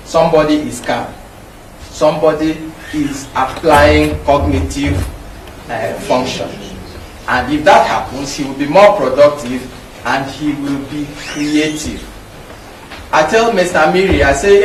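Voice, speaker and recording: A man's voice: on the high side, unhurried. A middle-aged man with a Nigerian English accent, giving an emphatic, anecdote-filled medical lecture. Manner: emphatic, repetitive, anecdotal teaching. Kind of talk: public lecture. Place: lecture hall. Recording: echoey hall, mic from far off, faint background noise.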